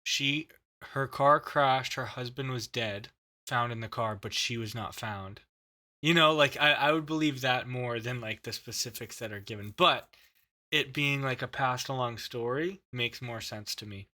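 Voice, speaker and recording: A man co-hosting a podcast in a loose, casual chat. His voice is bright and forceful, and his speech is halting, with plenty of fillers and restarts. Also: medium pitch. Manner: halting, filler-heavy, laughs often. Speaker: podcast host.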